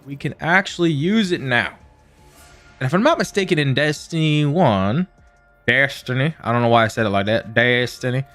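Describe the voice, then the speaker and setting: A man chats to his viewers while playing on a live game stream, his pitch leaping up and down as he jokes around. He keeps dropping into playful put-on voices. Faint music plays underneath. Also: normal speed. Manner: animated, playful, slips into silly voices.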